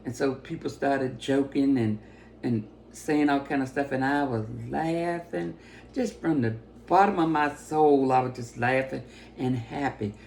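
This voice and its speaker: A woman giving a personal testimony as a story, talking with excitement and breaking into laughter often. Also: a bass voice, unhurried, a little hiss or hum.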